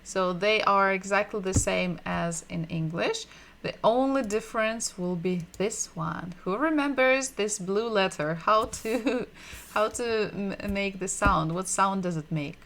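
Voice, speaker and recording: Woman teacher, bright tone, unhurried delivery, patient and repetitive. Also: mid-range voice. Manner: patient, repeats sounds slowly for learners; asks the audience questions. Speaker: Russian language teacher. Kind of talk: online language lesson.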